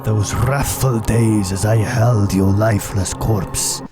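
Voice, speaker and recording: A man's voice: lowish voice, steady tone, slow, loud music behind the voice. A man voicing a grim drowned spirit. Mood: grim solemn. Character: ancient vengeful male drowned spirit, grim and solemn. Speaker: narrating entity in an analog horror video. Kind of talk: slow dramatic horror monologue.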